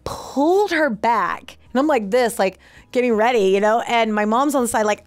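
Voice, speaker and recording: A woman's voice: sits high, expressive, normal speed, raised voice. A woman, co-hosting and telling a long story with lots of laughter and acted-out voices. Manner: acts out voices, frequent laughter. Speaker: co-host. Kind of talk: animated storytelling.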